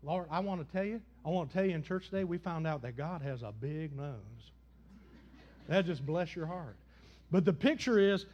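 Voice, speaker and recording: A middle-aged male pastor preaching a sermon, questioning the congregation and swinging between high loud exclamations and low quiet asides. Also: normal speed.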